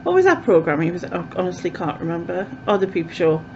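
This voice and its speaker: This vlogger is a woman with a fairly low voice who talks very animatedly and quickly, rambling casually to camera with many fillers. The recording is dull and lo-fi, with slight background noise.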